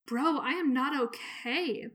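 A woman co-hosting a podcast, chatting casually and reading passages from a book aloud, earnest and emotional, slow and careful when she reads. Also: sits high, a bit bright. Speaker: podcast co-host.

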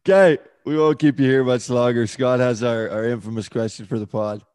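A man's voice: mid-range voice, fairly even intonation, brisk, darkish tone, clean tone, no echo, studio quality. A man hosting a podcast in a laid-back way, laughing along and asking his guest questions. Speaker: podcast host. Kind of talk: casual podcast interview.

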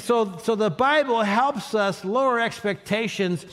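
A man's voice: high voice, measured pace, a bit bright. A man preaching a sermon as pastor, leading his congregation in call-and-response. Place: church sanctuary.

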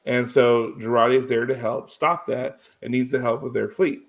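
A man in casual conversation, rambling through a story with plenty of fillers and restarts. His voice sits at an ordinary middle pitch, and he gets emotional as he goes. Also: steady tone, moderate pace, creaky. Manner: rambling, full of "you know" and restarts, emotional. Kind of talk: casual chat recapping a TV episode.

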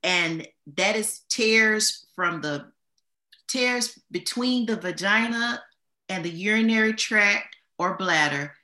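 A woman guest on a podcast, explaining history in a measured, deliberate way. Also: mid-range voice, pushed and bright, reverberant. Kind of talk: podcast discussion.

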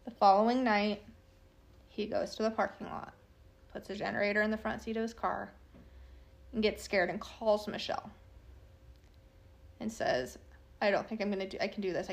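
A woman recounting a true crime case by reading an exchange of texts aloud. Her pitch sits in the middle for a woman, and she keeps her delivery plain and matter-of-fact, breaking in with casual asides between messages. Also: moderate pace, vocal fry, long pauses.

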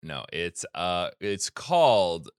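A man's voice: deep voice, very animated, slow, smooth, dry recording, clean studio sound. A man hosting a casual comedy podcast, recapping a story with a rambling, jokey manner and lots of fillers. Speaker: podcast host recapping game lore.

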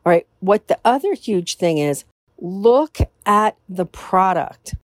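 A woman's voice: mid-range voice, lively intonation, slow, no room sound, clean studio sound. A woman hosting a casual solo podcast, talking in a candid, self-assured way. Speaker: podcast host.

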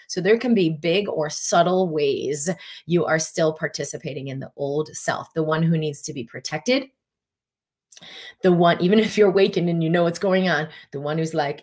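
A woman coaching viewers in a casual teaching talk, acting out inner thoughts in quoted asides that jump up in pitch. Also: moderate pace, darkish tone. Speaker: spiritual coach answering viewer questions.

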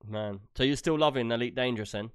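A man's voice: medium pitch, fast, clean tone. An English man on a podcast, chatting casually, teasing and laughing often. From England. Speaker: podcast co-host, streamer. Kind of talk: casual chat.

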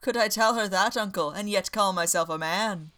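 A woman voicing an earnest, devoted young gentleman who pleads dramatically. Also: mid-range voice, moderate pace, natural voice.

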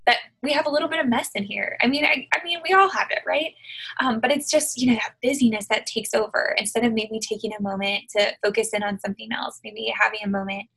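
A woman's voice: a little high, fast, gravelly, fairly bright tone, slightly rough, rough recording. A woman giving a casual devotional talk over a video call from her living room, chatty and full of fillers and tag questions. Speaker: devotional speaker.

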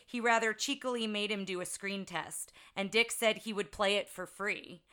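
A woman's voice: medium pitch, normal speed, sharp tone, smooth. A woman co-hosting a casual podcast, telling film trivia in a chatty, storytelling way. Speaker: podcast co-host.

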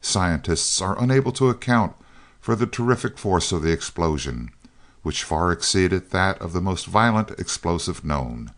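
A man narrating an audiobook in a steady, measured reading style. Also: sits low. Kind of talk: scripted narration of a science-fiction novel.

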